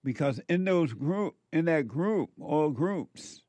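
Slow, emphatic moralizing man. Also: a little high, lively intonation, warm tone, dry recording. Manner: slow, emphatic, repeats words for stress. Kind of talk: moralizing monologue.

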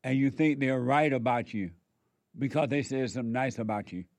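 A man giving a preachy spoken monologue, repeating rhetorical questions and pausing for answers. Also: medium pitch, no room sound. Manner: acts out quoted back-and-forth dialogue. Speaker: speaker addressing listeners.

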